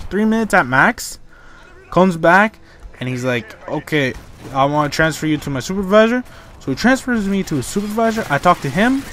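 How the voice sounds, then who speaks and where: A young man talks over his gameplay, his voice sitting a little high for a guy. He rambles and restarts his sentences, sounding fed up as he tells the story, in casual gaming-commentary style. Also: fairly bright tone, slight background noise. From Canada. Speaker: gaming YouTuber.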